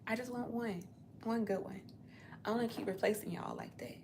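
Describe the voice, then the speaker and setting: A woman's voice: fairly high pitch, fairly even intonation, moderate pace, noisy background. A young woman chatting on a casual livestream from her apartment, rambling and laid-back, sounding tired. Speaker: livestream host.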